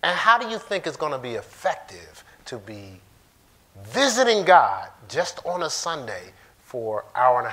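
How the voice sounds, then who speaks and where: A male pastor with a mid-range, fairly bright voice preaches a relaxed, conversational sermon in a church sanctuary, cracking jokes and addressing the congregation directly.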